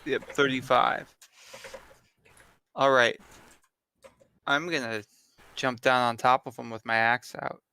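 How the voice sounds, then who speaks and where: A man playing a tabletop game, asking quick questions about the rules. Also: mid-range voice, fairly even intonation, pushed and bright, clean tone. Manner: asks quick rule questions. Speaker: player. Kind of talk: casual tabletop game talk.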